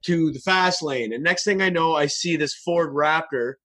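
A man telling a story in casual chat, profane and animated. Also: fairly high pitch, normal speed, slightly rough.

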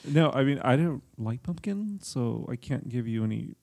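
A man's voice: mid-range voice, expressive, normal speed, vocal fry, darkish tone. A man in his thirties co-hosting a casual podcast chat, mock-outraged and swearing casually. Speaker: podcast co-host.

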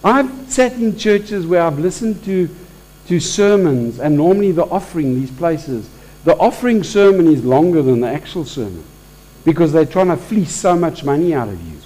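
A man's voice: a little high, sing-song, normal speed, warm tone, poor audio. A man preaching a conversational sermon at a church service, talking informally with restarts and building to emphatic peaks.

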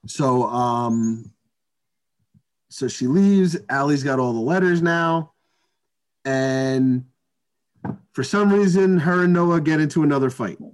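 A man's voice: fairly high pitch, takes it slowly, pauses often, clear, resonant tone. A man in casual chat, rambling through a movie recap with swearing and quoted dialogue.

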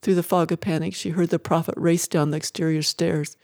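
A narrator giving an expressive, emotive audiobook reading of a story. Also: medium pitch, a little fast, no echo, clean studio sound.

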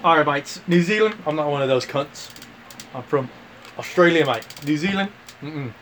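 A man voicing a brash, loudmouthed Australian bloke who ends every sentence with "mate". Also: fairly high pitch, animated, moderate pace, slight background noise. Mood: boastful. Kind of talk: mock-accent bit in casual chat.

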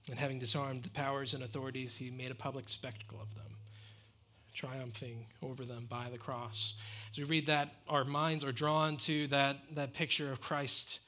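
Man, pastor, sermon, bright ringing tone, earnest, emphatic, rhetorical questions. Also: mid-range voice, level tone, normal speed.

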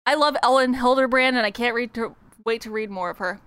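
Young female co-host, chatty and upbeat, bright smooth voice, dry sound. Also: on the high side, dry recording. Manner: bubbly, chatty, quick laughs. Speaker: podcast co-host. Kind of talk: casual book chat.

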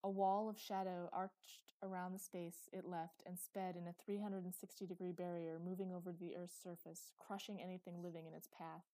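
A woman reading scripted fantasy narration in a steady, measured way. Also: fairly low pitch, no echo, low-quality recording. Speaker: audiobook narrator.

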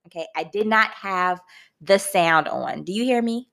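A young woman hosting a podcast, telling a personal story candidly and expressively, calling her listeners "y'all" and breaking into loud, laughing outbursts. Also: medium pitch, normal speed, creaky. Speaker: podcast host.

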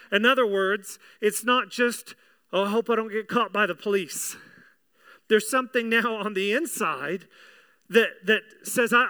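A man's voice: extremely high pitch, sharp tone, smooth. A man preaching a sermon, earnest and conversational, often repeating his words and putting questions to the congregation. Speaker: pastor.

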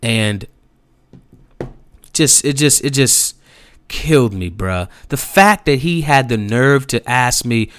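A man's voice: mid-range voice, slow pace, long pauses, clean tone, no echo, clean studio sound. A young man telling a personal story in a casual, slangy and profane way, acting out the people in it. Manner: animated, slangy and profane, acts out quotes.

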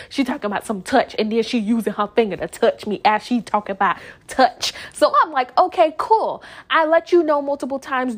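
A young woman vlogger telling a story casually, animated, acting out quoted lines and laughing often. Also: a little high.

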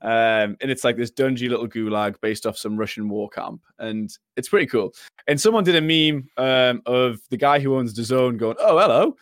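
A man's voice: medium pitch, normal speed, no room sound, clean studio sound. Laughing young man, casual chat. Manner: rambling, laughs often. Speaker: podcast co-host.

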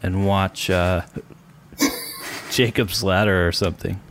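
A man's voice: low-pitched, steady tone, slow pace, background noise. A man hosting a casual chat, cracking jokes and bantering with his guests. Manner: wisecracking, joking banter. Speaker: podcast host.

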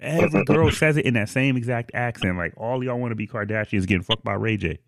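A man's voice: mid-range voice, fast talker, no echo. A man hosting a casual podcast chat, blunt and profane, often laughing. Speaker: podcast host.

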